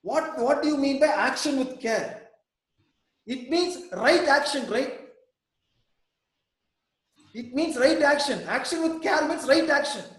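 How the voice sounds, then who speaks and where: A man's voice: extremely high pitch, slow pace, pauses often, fairly bright tone. A man leading a reflective group discussion on an online call, posing probing questions and repeating words for emphasis. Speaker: mindfulness centre founder leading discussion. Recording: heavy echo on an online call.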